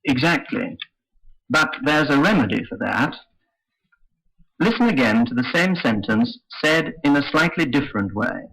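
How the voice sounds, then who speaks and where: A man teaching English intonation in a slow, careful, scripted lesson. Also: medium pitch, sing-song, gravelly, a bit bright, husky, low-quality recording. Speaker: phonetics teacher. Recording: old lesson recording.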